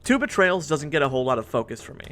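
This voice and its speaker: A man's voice: a little high, very animated, fast, fairly bright tone, faint music behind. A man in his twenties narrating a scripted video essay in an earnest, reflective way.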